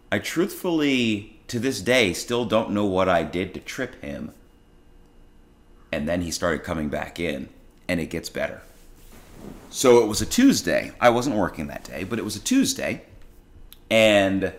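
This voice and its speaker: A man's voice: low voice, a bit bright. A man hosting his own show, telling a blunt, exasperated story about a customer at the restaurant where he works. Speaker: podcast host and restaurant worker. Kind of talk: casual storytelling monologue.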